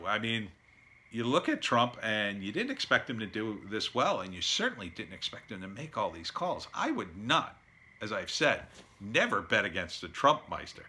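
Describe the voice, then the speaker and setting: Blunt, sarcastic man with a bright voice. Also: lowish voice, sing-song, moderate pace. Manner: blunt, sarcastic, laughs at his own jabs. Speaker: political commentator. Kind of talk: casual opinion monologue.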